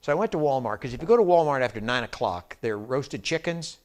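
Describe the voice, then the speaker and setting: Lively storytelling pastor, a man. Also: mid-range voice, quick pace. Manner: animated, conversational storytelling with asides to the congregation; repeats filler phrase "and everything else". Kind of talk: storytelling sermon. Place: church service.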